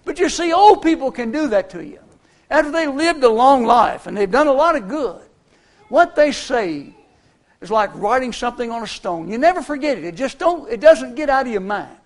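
High-voiced older preacher, folksy drawl. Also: male voice, lively intonation, normal speed. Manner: folksy, storytelling, warm conversational preaching. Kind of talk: sermon with personal stories.

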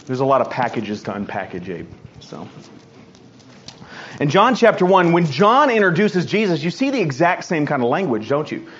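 A man's voice: a little high, big pitch swings, normal speed, lo-fi sound. A man preaching a sermon in an earnest, emphatic way, often repeating and restarting words.

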